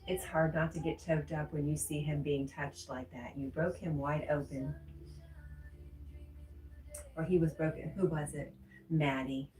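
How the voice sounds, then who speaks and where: Woman streamer, mellow low voice, casual comment-reading host, often laughing. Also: steady tone, a little slow, long pauses. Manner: chatty, laughs often, reads chat aloud. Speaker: livestream host. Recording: roomy echo with faint music.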